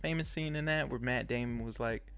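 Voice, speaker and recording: A man's voice: mid-range voice, fairly quick, a bit bright, smooth. A man co-hosting a podcast, chatting casually and steering the talk with questions. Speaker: podcast co-host. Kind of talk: casual chat.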